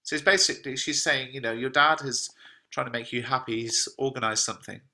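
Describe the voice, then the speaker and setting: A man teaches a literature lesson, turning old verse into everyday talk. His voice is bright and forward, and his tone stays casual and explanatory. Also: medium pitch, brisk. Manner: chatty, plain paraphrasing.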